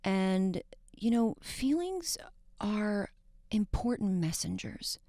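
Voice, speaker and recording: Animated woman guest with lively pitch. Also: slow, dry recording, clean studio sound. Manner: animated, frequent restarts and laughs. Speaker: psychologist guest. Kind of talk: talk show interview.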